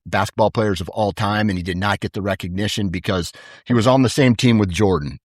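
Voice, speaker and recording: A man with a fairly low voice tells stories in a loose, laid-back podcast chat, animated and peppered with "dude." The sound is close and dry, with no room around it. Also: no echo. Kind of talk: casual chat.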